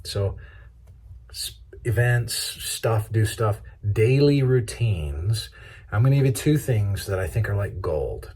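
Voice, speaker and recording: A man's voice: fairly low pitch, animated, slow pace, a little mellow, husky. A man pastor giving a conversational, practical sermon, acting out everyday examples as he teaches.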